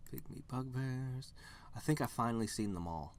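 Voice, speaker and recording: A man's voice: medium pitch, moderate pace, a little hiss or hum. A man hosting a game let's play, reading the game text aloud with wry, playful commentary.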